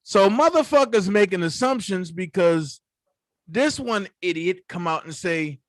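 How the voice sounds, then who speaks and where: Guy ranting on his channel, high lively voice, cussing a lot, dry close sound. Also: measured pace, no echo. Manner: profane, animated storytelling. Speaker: channel host. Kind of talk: casual commentary rant.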